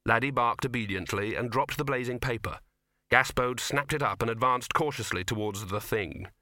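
A man narrating an audiobook in a steady, measured way. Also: medium pitch, dry recording, clean studio sound. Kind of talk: scripted narration.

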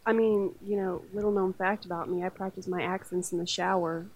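A woman hosting a casual podcast, her voice sitting at an ordinary middle pitch. She laughs often and swears freely as she chats. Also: steady tone, brisk, a little mellow, poor audio. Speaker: podcast host. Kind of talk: casual chat.

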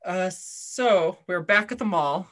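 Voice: medium pitch, animated, slow pace, a bit bright, no room sound. A podcast co-host chatting casually about a TV episode, rambling with lots of fillers and wry asides.

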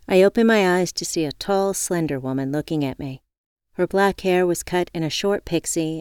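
A woman narrates a first-person audiobook in a low, smooth voice. Her reading is measured and expressive. The sound is dry and close on the mic. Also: no room sound.

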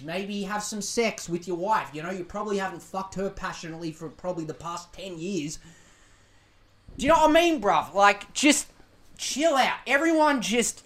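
A man's voice: sits high, a bit bright. A man with an Australian accent hosting a podcast, delivering a profane, sarcastic, rambling monologue. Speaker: podcast host. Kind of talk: casual ranting monologue. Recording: echoey room.

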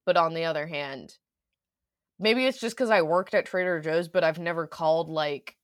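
A woman's voice: sits low, moderate pace, dry recording, clean studio sound. A young woman co-hosting a podcast, talking casually with lots of "like" and frequent laughter. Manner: rambling, lots of "like", laughs often. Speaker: podcast co-host. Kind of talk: casual chat.

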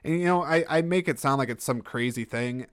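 A man's voice: mid-range voice, brisk, clear, resonant tone, no echo, clean studio sound. A young man hosting a solo podcast, rambling and self-mocking with lots of restarts. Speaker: podcast host. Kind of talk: casual solo podcast monologue.

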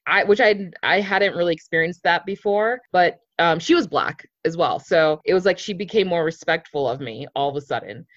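A man co-hosting a podcast in casual conversation, chatty and quick to laugh, swearing casually. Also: a little high, a bit bright, dry recording. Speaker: podcast co-host. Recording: dull, slightly lo-fi, dry.

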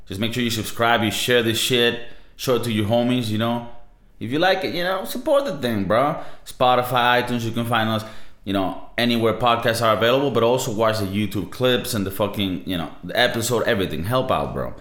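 In an echoey room, a young podcast host with a Latin American Spanish accent talks through a relaxed monologue, swearing and using plenty of slang. His mid-range voice moves fairly quickly and has a fairly bright tone.

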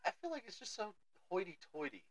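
A man's voice: high-pitched, sing-song, fairly quick, low-quality recording. Southern guy hosting a podcast, jokey and self-mocking, voice jumps all over the place. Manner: joking, self-mocking, trails off. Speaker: podcast host. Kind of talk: casual chat.

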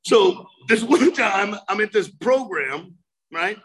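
A man in his forties telling his recovery story, animated, breaking into loud exasperated outbursts. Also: high voice, slow pace. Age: 40s. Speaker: speaker sharing recovery story. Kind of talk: recovery talk, personal story.

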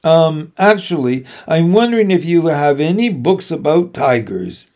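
A man's voice: a little high, sing-song, measured pace, darkish tone. A man reading aloud, voicing a shy, hesitant young girl who narrates the story. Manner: hesitant, polite.

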